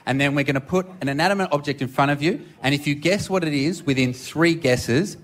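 A man's voice: fairly high pitch, fairly quick. An Australian man co-hosting live radio, joking with guests and running an on-air game. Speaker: radio co-host.

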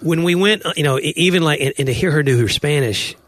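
A man's voice: fairly high pitch, quick pace, fairly bright tone, no echo, clean studio sound. A man co-hosting a podcast in rambling, self-deprecating casual chat, laughing often. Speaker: podcast co-host.

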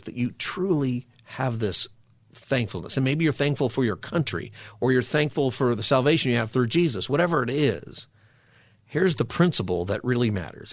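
A man's voice: lowish voice, dry recording. A man hosting a show and giving a conversational Bible teaching, explaining scripture in an easy, chatty way with frequent rhetorical asides to the listener. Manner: chatty, asks rhetorical 'right?' and 'you know?' asides.

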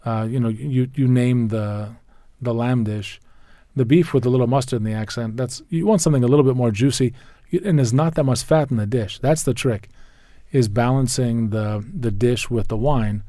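A man's voice: mid-range voice, moderate pace, hardly any pauses, warm tone, dry recording, studio quality. A man talking food and wine pairings in a casual chat, enthusiastic and rambling, often restarting his sentences and spelling out wine names. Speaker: wine expert guest.

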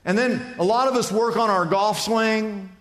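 A man preaching a sermon in a church, with emphatic delivery that swings from loud, raised lines to hushed ones. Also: high voice, normal speed, big-room sound. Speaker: pastor.

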